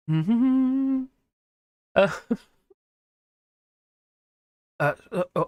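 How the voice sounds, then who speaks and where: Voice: mid-range voice, lively intonation, very slow, long pauses, a little mellow, smooth. A live-stream host, chatting casually and reacting to viewer comments in a scattered, talkative way.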